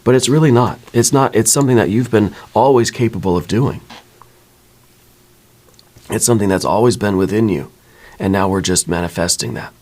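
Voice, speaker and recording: A man giving a soft-spoken ASMR tarot reading, reassuring and unhurried, often checking in with "right?". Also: on the low side. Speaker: tarot reader.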